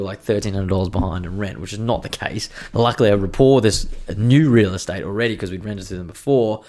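A man's voice: fairly low pitch, a little mellow. A young man hosting a podcast, telling stories in a rambling, casual monologue full of swearing. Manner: rambling, profane storytelling. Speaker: podcast host.

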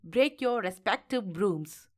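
Storybook boy, brave and stubborn, slow and earnest, voiced by a woman narrator. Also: mid-range voice, animated. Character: brave tenacious young boy. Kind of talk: storybook reading.

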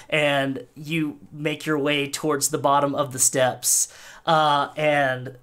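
A game master narrates a tabletop game in a halting way. The delivery is loose and casual, stringing ideas together with "like" and restarts, at an everyday middle pitch. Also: little pitch movement, fairly bright tone, smooth.

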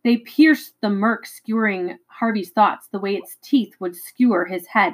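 Woman, reading a novel aloud, expressive, occasional stumbles, mid pitch. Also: unhurried, hardly any pauses, poor audio. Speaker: reader.

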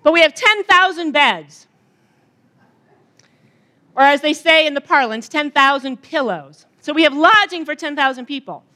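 Bright, high-voiced middle-aged woman speaker. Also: animated, moderate pace, long pauses. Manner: chatty and joking, bantering with the crowd. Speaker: retreat speaker. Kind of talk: conversational opening talk to an audience.

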